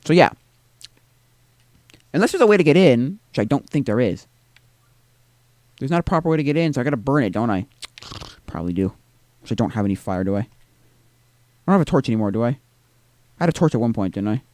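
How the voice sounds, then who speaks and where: A man talks through a live game stream, his voice dry and close with no room around it. He rambles, quizzes himself with little tag questions and slides into exasperated rants, his pitch swinging up and down all the while. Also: animated, fast talker, long pauses, darkish tone, no echo. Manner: exasperated ranting. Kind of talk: live gameplay commentary.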